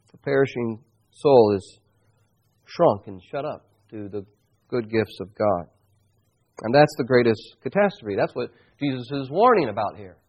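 A man's voice: mid-range voice, expressive, darkish tone, breathy edge, muffled recording. Earnest man preaching a sermon. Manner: earnest, reflective preaching with slow emphatic stresses. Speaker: pastor.

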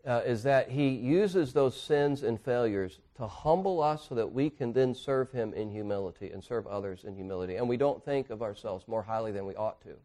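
A man pastor preaching a sermon in church, earnestly, dropping to quiet asides and rising to emphatic points. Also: medium pitch, moderate pace, few pauses. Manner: earnest preaching, swinging between hushed and emphatic.

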